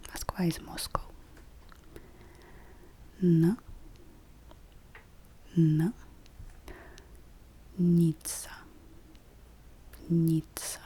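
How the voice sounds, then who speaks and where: Woman teacher for a whispered role-play, low-pitched, flat and calm, faint room noise under the voice. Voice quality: soft whispering, slow and deliberate. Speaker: language teacher.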